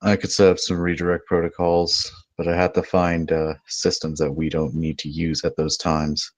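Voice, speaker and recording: A man's voice: deep voice, completely flat delivery, moderate pace. A man playing a tabletop role-playing game, describing his character's actions in a wry way. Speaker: player.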